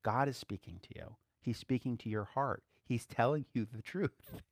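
A man preaching an informal sermon to a class, conversational and quick to laugh, swinging from emphatic outbursts to quiet asides. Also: medium pitch, no room sound, clean studio sound.

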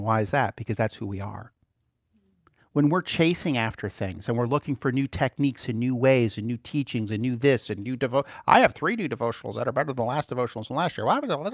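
A man preaching a sermon in an animated, playful way, often laughing between points. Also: medium pitch, no room sound, clean studio sound.

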